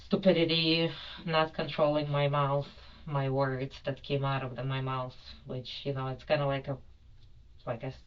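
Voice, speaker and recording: A woman's voice: very deep voice, flat delivery, normal speed, clear, resonant tone. A woman in her forties recounting an incident in an interview, rambling with many fillers and self-corrections. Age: 40s. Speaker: airline passenger being questioned. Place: interrogation room. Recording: dull lo-fi recording.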